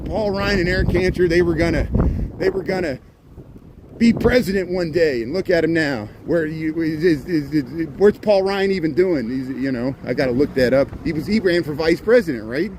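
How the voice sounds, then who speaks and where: A man's voice: on the high side, lively intonation, moderate pace. A man giving rambling, casual commentary as he walks city streets and livestreams, with sarcastic asides. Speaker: walking-tour livestreamer. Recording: street noise and passing traffic.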